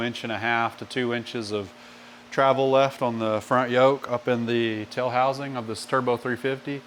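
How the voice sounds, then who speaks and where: A man's voice: mid-range voice, a bit bright, a little hiss or hum. A man hosting a DIY truck build, talking casually and wryly while he works on the vehicle, swearing now and then as he goes. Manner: wry, rambling, swears casually while working. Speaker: DIY mechanic channel host. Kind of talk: casual garage work commentary. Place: home garage or shop.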